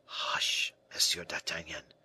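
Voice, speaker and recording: A man voicing a timid young playwright who speaks softly, often in a hush, evasive and protesting, in an audiobook reading. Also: on the low side, sing-song, moderate pace, husky, exaggerated voice. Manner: soft, whispering, evasive.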